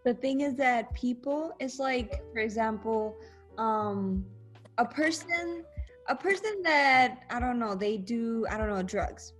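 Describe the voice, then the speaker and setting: A young woman guest on a casual podcast chat, telling stories animatedly with quick restarts and acted-out quotes. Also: a little high, faint music behind.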